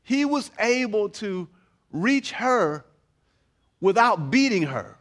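An animated man preaching in a church, with a high, bright voice that carries easily. He mixes humor into the sermon and stacks repeated words as he builds toward a point. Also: slow, long pauses.

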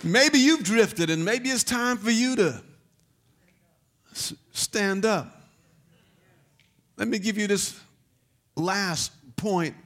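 A man preaching a sermon, telling a personal story and building to shouted exhortation. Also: sits high, lively intonation, slow, pauses often, a faint crowd.

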